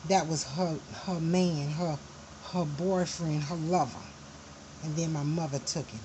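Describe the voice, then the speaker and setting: A woman's voice: sits low, steady tone, a little slow, noisy background. Profane, heated woman ranting. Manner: profane, emphatic storytelling with heated outbursts. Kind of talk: angry personal monologue.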